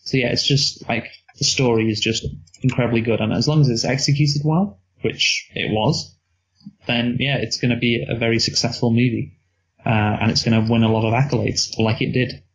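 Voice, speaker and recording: A man co-hosting a movie review podcast in casual chat, relaxed and rambling. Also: mid-range voice, moderate pace, husky. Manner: relaxed, rambling, laughs at own slips. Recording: dull lo-fi recording.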